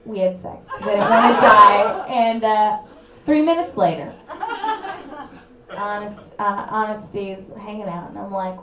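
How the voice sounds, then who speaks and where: A young woman performing a stand-up comedy set in an apartment, with a brassy, punchy delivery and sudden loud bursts. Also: mid-range voice, unhurried, noisy background. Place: small apartment room with a live audience. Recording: echoey room recorded from far off. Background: audience laughter.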